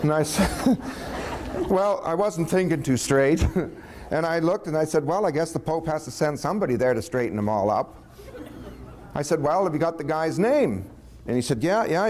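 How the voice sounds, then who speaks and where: Chuckling man telling a story. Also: on the high side. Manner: animated storytelling, chuckling, acting out quoted voices. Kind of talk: casual anecdote telling.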